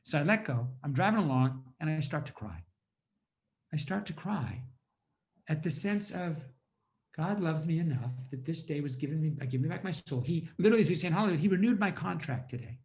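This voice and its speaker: A man's voice: on the high side, expressive, a little fast, a little mellow. A man giving an inspirational storytelling talk over a video call at a community holiday event, acting out his own past thoughts.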